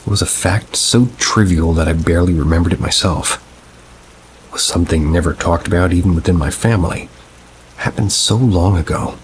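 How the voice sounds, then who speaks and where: Deep-voiced man narrating ghost stories. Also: a little fast, slight background noise, poor audio. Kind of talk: reading first-person paranormal stories.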